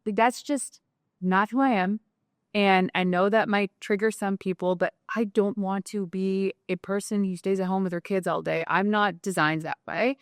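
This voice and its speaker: A woman guest on an interview show, talking in a casual, animated way with lots of "like" fillers. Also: medium pitch, normal speed, clear, resonant tone, no room sound, clean studio sound. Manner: animated, talkative, many "like" fillers. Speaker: guest entrepreneur.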